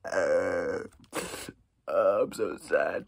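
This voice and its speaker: A man's voice: on the low side, slow pace, a bit bright, no echo. Sighing man in a fake-sad apology. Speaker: YouTuber. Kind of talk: mock-serious apology vlog.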